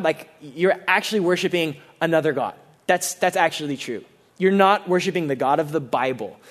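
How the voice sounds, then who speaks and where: A male pastor delivers a sermon in a high, earnest voice. He talks to the congregation in a loose, conversational way, restarting phrases often. For emphasis he sinks into a low, hushed tone. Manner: earnest, conversational preaching with many fillers and restarts.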